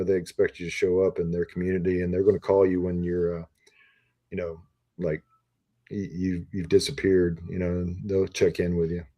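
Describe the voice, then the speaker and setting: Low, mellow-voiced man telling stories. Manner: rambling, filler-heavy storytelling with many ums and uhs. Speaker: podcast guest, retired Army officer. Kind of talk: casual storytelling interview.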